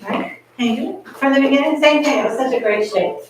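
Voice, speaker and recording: A woman's voice: high-pitched, fast talker, noisy background. A woman coaching a chamber ensemble, encouraging and singing musical phrases on nonsense syllables. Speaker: masterclass coach. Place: large echoey rehearsal room. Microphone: far camera mic. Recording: very echoey room, distant mic.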